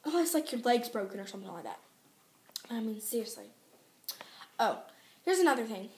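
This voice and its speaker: A teenage girl vlogging in a casual, exasperated rant, chatty and quick to complain. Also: a little high, very animated. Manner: ranting, exasperated, fast and chatty. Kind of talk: casual chat to camera. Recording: echoey room.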